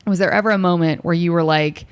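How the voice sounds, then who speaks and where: A woman hosting a podcast in casual chat, laughing often and asking quick questions. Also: lowish voice, fairly even intonation, clear, resonant tone, dry recording. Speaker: podcast host.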